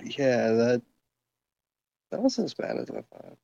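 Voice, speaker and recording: A man joking around with friends in casual chat, with an expressive delivery. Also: medium pitch, takes it slowly, vocal fry, no echo, highs cut off.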